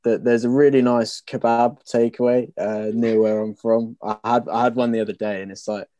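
A young man in a band, chatting casually in an interview, rambling and trailing off softly at the ends of thoughts. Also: mid-range voice, little pitch movement, moderate pace, no echo. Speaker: band member.

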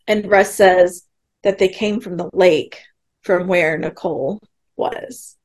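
A woman's mid-range, slightly mellow voice moves a little slowly as she co-hosts a podcast. Casual and chatty, she recaps a TV episode, acts out quoted dialogue, and laughs often.

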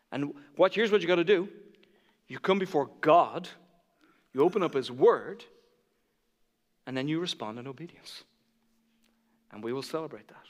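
A man preaching a sermon as pastor of his church. He builds to loud, impassioned peaks and then drops to soft, quiet asides. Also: high-pitched, a little fast. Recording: church hall reverb.

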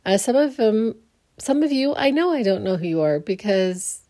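Sleepy in the early morning, a woman chats casually on her own solo podcast, rambling and restarting often. Her medium-pitched voice is animated and dark in tone, at a moderate pace.

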